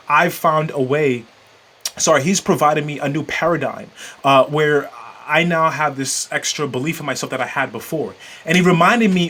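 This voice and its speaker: A man's voice: fairly high pitch, fairly bright tone, husky. A man hosting a podcast, giving marketing advice in an emphatic, coaching way with many fillers. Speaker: podcast host.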